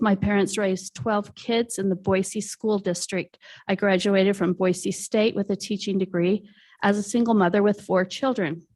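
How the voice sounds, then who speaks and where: A woman from Idaho speaks at the public comment podium of a city council meeting. She talks fast and earnestly, running through a list of points in an ordinary mid-range voice. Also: mid-range voice, a little mellow.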